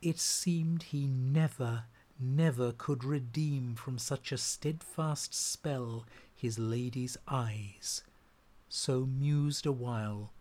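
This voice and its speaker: A man reading poetry aloud, measured and expressive, sometimes softening to a whisper. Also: mid-range voice. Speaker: reader.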